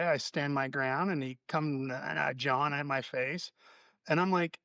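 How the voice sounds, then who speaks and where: A man tells stories as a podcast guest, cursing freely and playing out both sides of a quarrel. His voice sits a little high for a man. The sound is dry and close. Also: normal speed, no room sound. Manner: profane, animated storyteller, acts out quarrels. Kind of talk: casual storytelling interview. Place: Florida.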